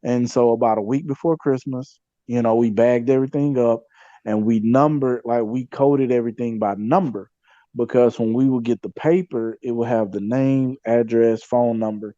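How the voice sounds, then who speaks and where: A man's voice: medium pitch, fairly even intonation, normal speed, warm tone, no room sound, highs cut off. A man, a podcast guest, telling a story in a loose, conversational way with many fillers and repeated phrases. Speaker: podcast guest, community activist. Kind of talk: casual storytelling interview.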